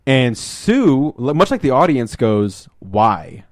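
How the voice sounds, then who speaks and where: A man hosting a podcast in casual chat, rambling through a film plot and acting out the lines in quick put-on voices. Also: mid-range voice, big pitch swings, no echo, studio quality. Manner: rambling retelling, acts out quotes in shifting voices. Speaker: podcast host.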